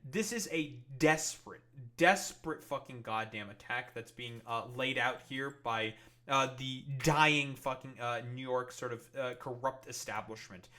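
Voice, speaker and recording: An irate male streamer reacting to political clips, cursing constantly and stumbling over fillers. His voice is bright and forceful, at an ordinary pitch for a man. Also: measured pace. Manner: angry, swearing, many fillers. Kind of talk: profane reaction commentary.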